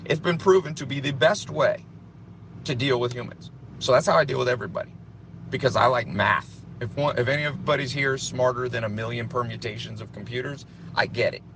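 Man, middle pitch, blunt lecturing boss type who swears freely; faint road noise behind. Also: a bit bright. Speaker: business owner addressing his team. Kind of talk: blunt motivational talk.

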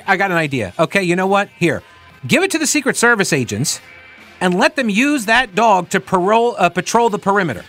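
A man's voice: high-pitched, sing-song, fairly quick, a bit bright, faint music behind. A man hosting a talk radio show, delivering an opinion monologue full of sarcastic, jokey asides.

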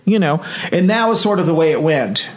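A man's voice: on the high side, sing-song, fairly quick. A man hosting a podcast, telling a story in casual chat and acting out the quoted emails and replies. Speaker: podcast host.

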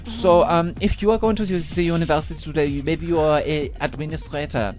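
A man's voice: a little high, steady tone, a little fast, darkish tone, soft background music. A man hosting a breakfast radio show, joking and rambling with restarts. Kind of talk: playful radio banter. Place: radio studio.

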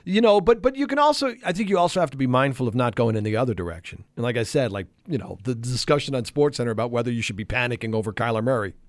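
A man hosting a sports radio show, chatting casually with animated, exasperated asides in a radio studio. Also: medium pitch, very fast, few pauses, no room sound.

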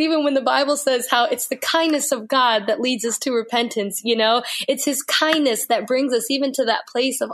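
A woman's voice: on the high side, fairly quick, hardly any pauses. A woman guest on a faith interview, telling her personal story in an earnest, heartfelt way and repeating phrases for emphasis.

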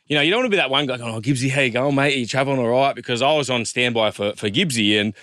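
A man's voice: mid-range voice, racing, fairly bright tone, no echo, studio quality. An Australian man, a co-host and former rugby league player, telling a long story in a chatty, matey way, with many restarts. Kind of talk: casual storytelling.

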